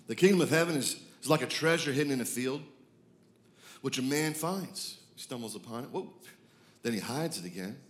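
A man, preaching a sermon, moving from hushed reflection to loud, excited declarations. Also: medium pitch, moderate pace, long pauses. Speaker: pastor.

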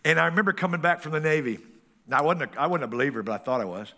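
Bright-voiced folksy preacher in his sixties. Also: fairly high pitch, expressive, rapid-fire. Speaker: pastor. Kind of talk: sermon.

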